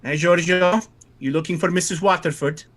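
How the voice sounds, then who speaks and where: A man's voice: high voice, fairly even intonation, moderate pace, a bit bright, voice pushed up. A man doing a defiant, brash clan girl. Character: defiant young woman of a wandering clan.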